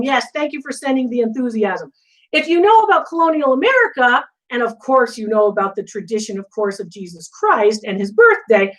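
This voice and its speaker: A middle-aged woman hosting a live antiques Q&A, chatting casually and telling animated stories full of asides. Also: high voice, poor audio. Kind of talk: casual live-stream chat.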